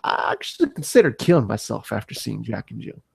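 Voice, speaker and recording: Gravelly Canadian man, rambling chat. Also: fairly low pitch, huge pitch swings, brisk. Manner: rambling, hesitant, full of 'like' and 'uh'. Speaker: podcast co-host. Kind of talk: casual chat.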